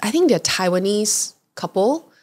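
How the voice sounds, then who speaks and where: A woman's voice: medium pitch, unhurried, breathy edge. Malaysian lady podcast host, casual storytelling, acts out the voices in her stories. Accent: Malaysian English. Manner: lively storyteller who acts out quoted voices.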